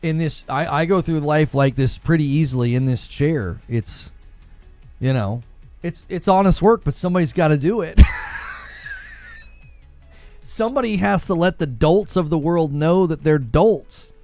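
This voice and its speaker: Sarcastic, animated male streamer. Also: fairly high pitch, unhurried, dry recording, soft background music. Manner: sarcastic, mocking, laughs often. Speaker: gaming livestream host. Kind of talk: casual live stream chat reading viewer comments.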